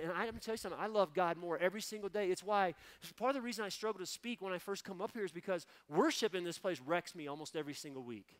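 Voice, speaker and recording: Impassioned pastor with a slightly high voice. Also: male voice, no echo. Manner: impassioned and emotional, repeating phrases for emphasis. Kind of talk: sermon ending in prayer. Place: church sanctuary.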